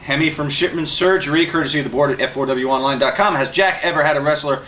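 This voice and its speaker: A man's voice: a little high, quick pace, fairly bright tone, slight background noise. A man interviewing a guest, reading out fan questions and dropping in short, wry interjections.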